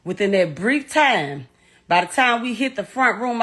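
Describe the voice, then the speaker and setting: A woman's voice: a little high, animated, moderate pace, fairly bright tone. A middle-aged woman giving a personal account in an interview, talking bluntly and emotionally, with swearing and frequent repetition. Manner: emotional, blunt and profane, repeats herself as she recounts.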